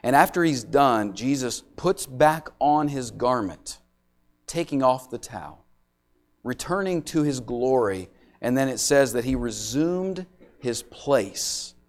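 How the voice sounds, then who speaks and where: A man preaching a sermon, swinging between loud, intense passages and quiet, hushed lines. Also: medium pitch, animated, takes it slowly. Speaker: pastor.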